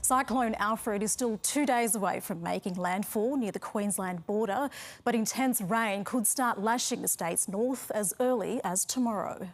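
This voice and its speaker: An Australian woman presenting the evening news, reading in a crisp, measured way. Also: medium pitch. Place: news studio.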